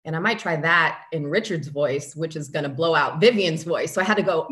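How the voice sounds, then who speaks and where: Woman, low register, earnest panelist explaining her vocal technique. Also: a little fast, hardly any pauses, fairly bright tone. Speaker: voice actor on a panel. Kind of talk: casual panel talk.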